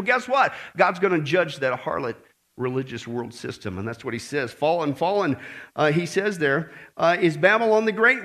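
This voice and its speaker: A male pastor delivering a sermon to a congregation, his voice high and bright, swinging widely in pitch as he goes. He reads scripture and breaks off to joke with the people in the room. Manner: animated, joking with the congregation.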